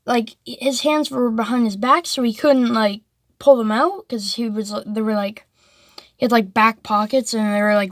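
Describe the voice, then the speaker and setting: A woman's voice: a little high, dry recording, clean studio sound. A woman telling a story casually, rambling with lots of "like" and restarts.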